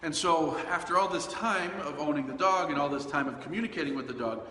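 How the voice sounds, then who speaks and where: A man's voice: fairly high pitch, fast, bright, forceful tone. A man hosting a casual dog-training podcast, talking in a loose, conversational way with fillers and self-corrections. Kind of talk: casual solo podcast talk. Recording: echoey room with long reverb and faint hiss.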